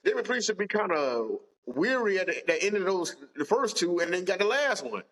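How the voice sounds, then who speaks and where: A man co-hosting a wrestling podcast, talking in slangy, animated casual chat and acting out his own reactions. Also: high voice, fairly quick, poor audio. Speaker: podcast co-host.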